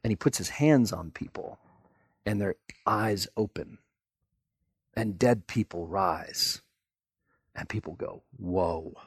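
Male pastor, lively storytelling sermon, husky tone, dry close sound. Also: lowish voice, slow, pauses often, no echo. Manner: animated storytelling, acts out voices.

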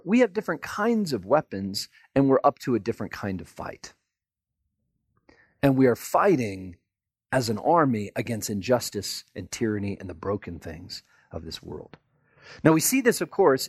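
Animated husky-voiced male preacher. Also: mid-range voice, dry recording, clean studio sound. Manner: animated storytelling, acts out voices. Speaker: pastor. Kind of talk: sermon.

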